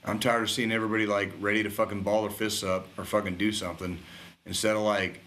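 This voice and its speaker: A man's voice: lowish voice, flat delivery, fast, a bit bright, slight background noise. A man co-hosting a podcast, delivering a raw, emotional monologue full of swearing. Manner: heavily profane, raw and emotional. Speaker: podcast co-host.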